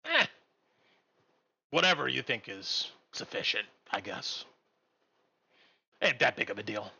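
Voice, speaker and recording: A man puts on a lazy, sardonic rogue in a tabletop game, dropping his voice a touch into a bright, drawling sneer. He swears casually and sounds unbothered by anything. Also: mid-range voice, sing-song, a little slow, creaky, breathy edge, voice pushed down, heavily acted. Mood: offhand. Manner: drawling, sarcastic. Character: laid-back, sardonic, foul-mouthed male rogue.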